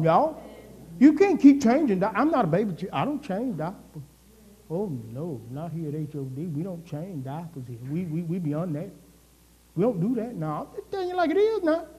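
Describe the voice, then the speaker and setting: High pitched preacher guy, swooping voice, hall echo, calls out to the crowd. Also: big pitch swings, normal speed, a little mellow, breathy edge. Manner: preaching with call and response, rising and falling intensity. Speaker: pastor. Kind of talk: sermon. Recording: reverberant church hall.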